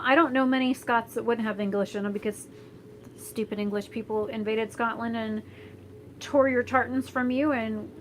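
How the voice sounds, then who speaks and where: Indoors at home, a young Florida woman vlogs casually, working on her hair and answering live chat. She talks bluntly and rambles, restarting often and using plenty of fillers, in a slightly high voice over a rough recording with faint hiss or hum.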